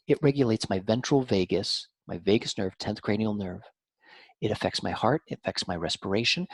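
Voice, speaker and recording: A man talking as an interview guest, explaining mind-body ideas in an animated way that swings from lively to soft and low. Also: slightly rough, dry recording. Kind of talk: conversational explanation.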